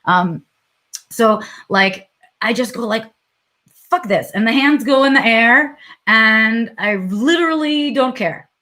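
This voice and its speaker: A woman's voice: on the high side, lively intonation, takes it slowly, sharp tone. Candid, swearing New York woman vlogging. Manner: candid and profane, with frequent fillers and acted inner monologue. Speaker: vlog host. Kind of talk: unscripted live vlog talk.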